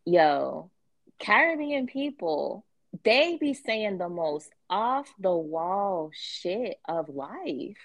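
Low-voiced, blunt woman podcast host. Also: very animated, drawn-out words, dry recording. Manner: blunt, profane, emphatic. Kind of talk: casual podcast chat.

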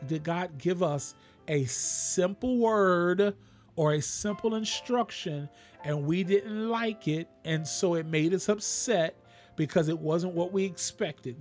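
Preaching man, higher voice, soft music behind. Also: a little slow. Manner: call-and-response preaching, rising to exclamations. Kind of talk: radio sermon.

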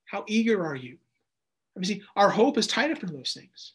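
Brief: male pastor in his thirties, high-pitched voice, lively storytelling sermon delivery. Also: normal speed, breathy edge. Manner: animated storyteller, acts out dialogue in raised voice. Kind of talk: sermon with personal stories.

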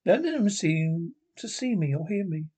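A man's voice: high voice, very animated, normal speed, dark tone, husky. A man reading a short story aloud in a dramatic first-person storytelling manner. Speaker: reader.

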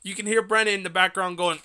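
Excitable bright-voiced male podcaster. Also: high-pitched. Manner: excitable, animated, laughs often. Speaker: solo podcast host. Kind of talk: casual storytelling monologue. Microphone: phone.

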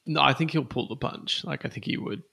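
A man's voice: medium pitch, a little fast, gravelly, pushed and bright, slightly rough. A man playing a tabletop game, thinking aloud about his character's moves in a loose, casual way. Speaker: player.

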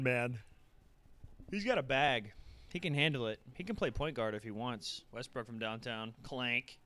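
A young man giving casual, profane play-by-play as a fan while watching a game, bursting into excited shouts. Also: mid-range voice, unhurried, no echo.

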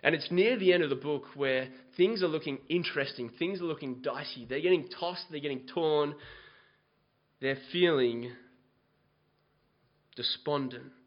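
Impassioned male preacher, slow delivery. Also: a little high, lo-fi sound. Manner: builds from quiet reading to loud, impassioned preaching. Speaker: pastor. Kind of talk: sermon.

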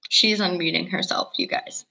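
A girl in her early teens co-hosting a casual video-call chat, giggly, chatty and quick to laugh at herself. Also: lowish voice, fairly even intonation, vocal fry, sharp tone, poor audio. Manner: giggly, chatty, self-deprecating. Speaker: co-host. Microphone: computer mic on video call.

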